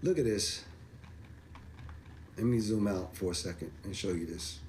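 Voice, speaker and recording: Emphatic low-voiced man on a crypto livestream. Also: a little slow, a little mellow, slight background noise. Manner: emphatic, repeats himself, rising to incredulous exclamations. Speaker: crypto commentator. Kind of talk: livestream chart commentary.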